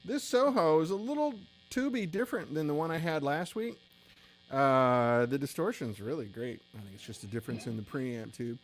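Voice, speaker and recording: Tired guy rambling on a shop livestream, bit high-pitched, jokes at his own expense, faint guitar behind. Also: lively intonation, normal speed. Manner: chatty, rambling, self-deprecating. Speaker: host of a gear shop livestream. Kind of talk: casual livestream chat.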